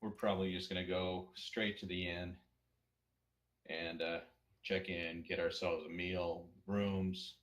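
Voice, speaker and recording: Low-voiced man playing a tabletop game. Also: unhurried. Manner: relaxed, plans out loud in first person plural. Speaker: tabletop player. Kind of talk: casual tabletop game chat.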